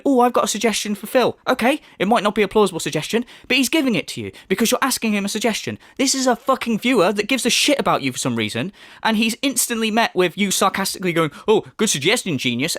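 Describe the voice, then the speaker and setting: A man tears into his subject in a furious, foul-mouthed commentary. His voice sits high and swings wildly in pitch. The sound is dry, with no room behind it. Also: very animated, fast talker, hardly any pauses, fairly bright tone, no room sound. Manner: angry, profane, mocking. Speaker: commentary youtuber. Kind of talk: ranting commentary.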